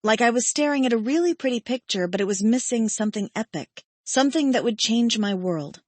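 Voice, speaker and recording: A woman narrating a romance audiobook in first person, gentle and wistful. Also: on the high side, lively intonation, fairly quick, hardly any pauses, dry recording. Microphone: studio mic.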